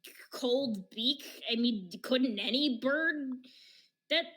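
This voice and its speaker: A woman's voice: high-pitched, expressive, measured pace, sharp tone, voice pushed up, heavily acted. A woman voicing a dim-witted, forgetful male electric villain in a tabletop game, blustery and indignant.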